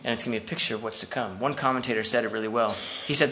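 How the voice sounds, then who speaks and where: A man's voice: medium pitch, steady tone, racing, sharp tone, slight background noise. A man preaching a sermon as pastor, conversational and full of asides to the congregation.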